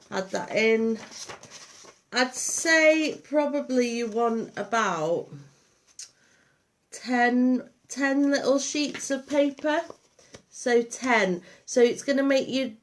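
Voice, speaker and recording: A woman's voice: fairly high pitch, expressive, takes it slowly, pauses often. A woman with a Liverpool and Lancashire accent hosting a live craft demonstration, chatty and meandering with many ums and restarts. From Liverpool and Lancashire, England. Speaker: craft workshop host.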